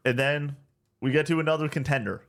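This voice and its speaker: A man co-hosting a casual gaming podcast, animated and excitable, swearing and stumbling over his words. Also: fairly high pitch, brisk. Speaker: podcast co-host.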